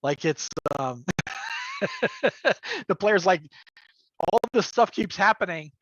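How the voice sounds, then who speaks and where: A man's voice: high voice, expressive, takes it slowly, a bit bright, slight background noise, rough recording. A middle-aged man talking as a livestream guest about running games, rambling with many fillers and frequent laughs. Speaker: guest, game master and crafter. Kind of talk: casual livestream chat.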